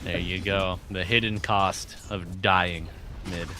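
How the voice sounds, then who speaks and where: A man giving excitable play-by-play for an esports match, laughing often with his co-caster. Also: low voice, slow, a little hiss or hum. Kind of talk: live game commentary.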